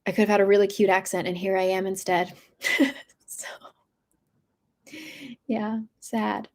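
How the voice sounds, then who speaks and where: Slow-talking young woman chatting on a livestream. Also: medium pitch, level tone. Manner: chatty, meandering, many fillers. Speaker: book channel host. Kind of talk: casual livestream Q&A chat. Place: her room at home.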